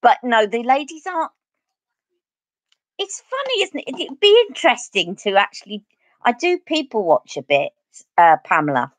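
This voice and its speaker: A woman's voice: fairly high pitch, sing-song, normal speed, dry recording. A woman with an Essex accent chatting through a live makeup tutorial, answering viewer comments as she goes. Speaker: beauty vlogger.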